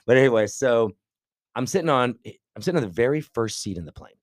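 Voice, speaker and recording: A man co-hosting a podcast, telling an animated, rambling story in casual chat with lots of restarts. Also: medium pitch, fast talker, no echo, studio quality. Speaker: podcast co-host.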